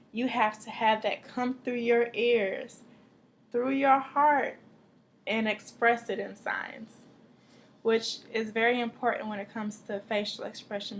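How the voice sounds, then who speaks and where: A woman teaching a church sign language class, explaining with acted-out examples. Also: medium pitch.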